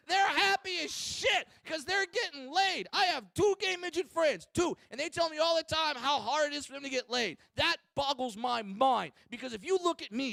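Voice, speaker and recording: A man in his twenties doing a loud, brash, profane stand-up routine on a comedy stage. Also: very high-pitched, creaky, dry recording. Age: 20s.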